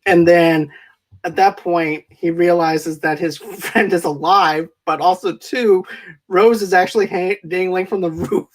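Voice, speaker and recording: A man's voice: high-pitched, steady tone, a little slow. A man hosting a casual movie review podcast, retelling scenes in a rambling way with fillers and restarts. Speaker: podcast host.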